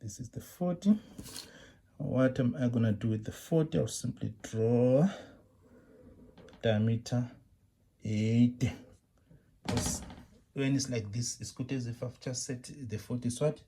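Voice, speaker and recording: South African male teacher, step-by-step drawing lesson, keeps checking understanding, warm tone. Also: medium pitch, measured pace, long pauses, a little hiss or hum. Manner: repeats phrases, asks "you understand?" often; emphatic, scolding about common mistakes. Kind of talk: classroom demonstration lesson.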